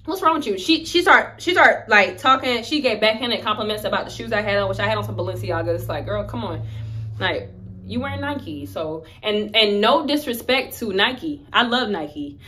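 A young woman chats through a storytime vlog in a bright, forceful voice. She talks in slang and acts out the lines she quotes with lively energy. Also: medium pitch, moderate pace, a little hiss or hum. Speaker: vlogger telling a story. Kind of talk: casual storytime chat.

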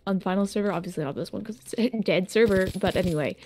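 A woman's voice: mid-range voice, fast, darkish tone, a little hiss or hum. A woman chatting playfully while gaming with friends, giggling often. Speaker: guest gamer. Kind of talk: casual gaming chat.

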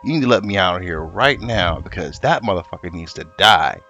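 A man voicing a male house dog itching to chase a squirrel, low, hushed and coarse. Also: lively intonation, fairly quick, highs cut off, faint music behind, heavily acted. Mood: riled up. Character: riled-up male house dog, gruff and eager to fight.

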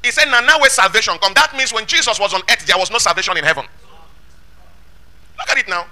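High, bright-voiced preacher. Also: male voice, very animated, racing. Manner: emphatic, rhetorical questions, shouts scripture lines. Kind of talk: sermon.

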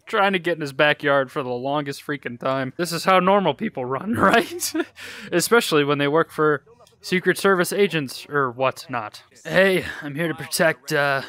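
A man's voice: a little high, fairly bright tone. A young man giving casual, joking gameplay commentary, sarcastic and swearing often. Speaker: gaming YouTuber.

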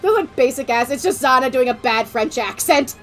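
A woman streamer chatting casually, excitable and rambling, often breaking into giggles. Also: high-pitched, fairly quick, faint music behind. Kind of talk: casual chat.

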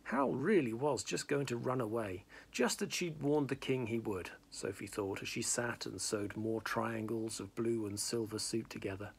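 A man's voice: mid-range voice, moderate pace, vocal fry, hardly any pauses, breathy edge. A man reading a novel aloud in plain narration, with small slips and restarts. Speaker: reader.

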